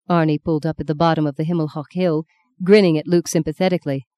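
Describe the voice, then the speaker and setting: A woman reading a novel aloud as an audiobook narrator, in a lyrical, measured storytelling manner. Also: low-pitched, steady tone, warm tone, no echo. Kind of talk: scripted narration.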